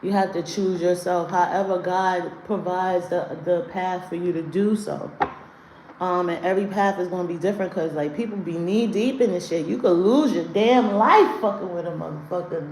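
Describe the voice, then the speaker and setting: A woman's voice: lowish voice, normal speed, darkish tone. A woman hosting a livestream with card readings, talking bluntly and with lots of cursing, often calling out her chat. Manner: blunt, profane, rants at chat. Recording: roomy echo, faint noise.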